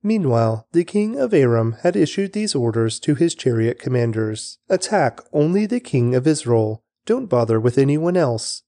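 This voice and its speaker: Reading scripture at normal speed with hardly any pauses, this Bible reader has a mellow, darker, medium-pitched voice and a lively, up-and-down delivery. The audio is dry and close, with no room sound or echo.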